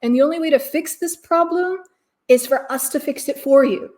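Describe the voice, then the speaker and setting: A woman mockingly putting on the voice of a smug language-school marketer, slow and sing-song. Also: high-pitched, a little mellow, pitched above the performer's own voice, natural voice.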